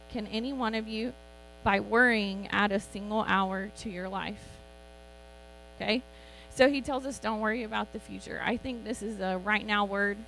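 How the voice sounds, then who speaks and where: A middle-aged woman giving an informal, chatty sermon as a Bible teacher, animated and quick to laugh. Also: medium pitch, creaky, slight background noise, low-quality recording.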